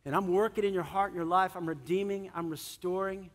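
A middle-aged male pastor preaching a sermon, animated, swinging between loud emphasis and soft, earnest moments. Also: high-pitched, brisk, hardly any pauses. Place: church sanctuary. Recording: long church hall reverb.

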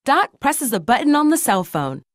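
A woman reading a children's storybook aloud in a gentle, lilting read-aloud manner. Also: high-pitched, sing-song, moderate pace, no echo, clean studio sound. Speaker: storybook narrator.

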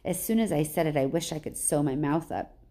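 A woman teacher reading a novel aloud in plain, even storytelling with small slips. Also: low voice, a little fast.

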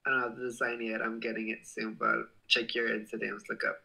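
A man's voice: medium pitch, level tone, brisk, creaky, pushed and bright, poor audio. Bubbly young man chatting on a livestream. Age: young adult. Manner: bubbly, giggly, exclaims and swears playfully. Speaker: livestream host. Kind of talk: casual livestream chat reading comments.

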